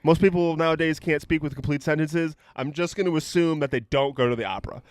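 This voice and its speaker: Fast and fairly high-pitched, this young podcast co-host tells stories in a rambling, profane way, filling them with "like." The talk is casual, and the recording is dry.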